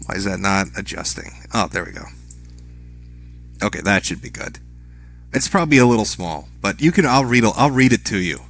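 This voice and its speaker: A man streaming live, talking in a sarcastic, deadpan way and swearing a lot while he begs mockingly. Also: on the low side, moderate pace, gravelly, pauses often. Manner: sarcastic, deadpan mock begging, heavy swearing. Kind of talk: livestream commentary.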